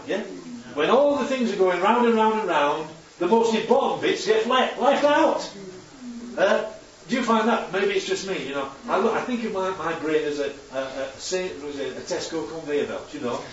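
Echoey preacher, chatty tag questions. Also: male voice, sits high, lively intonation, moderate pace, crowd noise. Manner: chatty, constant tag questions like right and yeah. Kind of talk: conversational sermon with slides. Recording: echoey hall, distant dull mic.

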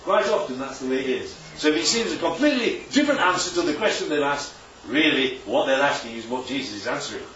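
A man's voice: medium pitch, animated, fast, hardly any pauses, fairly bright tone, a little hiss or hum. A man preaching a sermon in a chatty way, often asking the room questions. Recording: echoey hall from far off, dull.

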